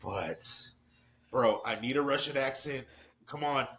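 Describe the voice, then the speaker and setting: A man's voice: medium pitch, a little slow, fairly bright tone. A man co-hosting a podcast, chatting casually about video games with a rambling, joking manner and a lot of swearing. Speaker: podcast co-host. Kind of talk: casual chat.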